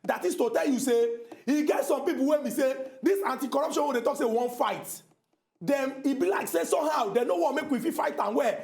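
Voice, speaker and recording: A man's voice: very high voice, creaky, a little mellow. A man from Nigeria with a Nigerian Pidgin accent, hosting a talk-show debate and rambling with many fillers. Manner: rambling, filler-heavy, slow when stressing points. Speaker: host.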